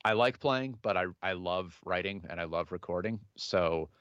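A man in his thirties speaks in a very low voice and talks casually about his music. He hesitates often, full of fillers and restarts. The sound is dull and dry, with no room around it. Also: fairly bright tone, smooth, dry recording. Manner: halting, many fillers and restarts. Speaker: musician guest. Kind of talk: casual interview answers.

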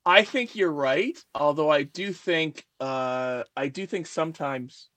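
A male guest with a slightly high voice who rambles through his stories, filling gaps with fillers. He laughs at himself now and then. The recording is close and dry. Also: slow, fairly bright tone, no echo. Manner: rambling, many fillers, self-deprecating laughs. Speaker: guest writer. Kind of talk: interview.

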